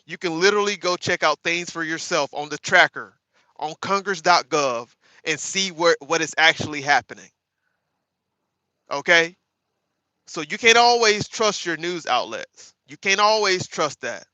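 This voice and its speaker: A man hosting a casual livestream, chatting with viewers by name, sarcastic and animated, calling his audience y'all. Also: on the high side, normal speed, no room sound. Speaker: livestream host. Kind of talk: casual live chat reading viewer comments.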